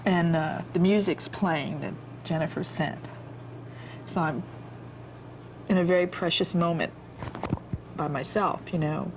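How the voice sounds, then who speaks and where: A woman's voice: on the low side, unhurried, pauses often, background noise. A middle-aged woman telling the emotional story of reuniting with her daughter, in a tender, rambling way with a few laughs. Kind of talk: emotional personal testimony.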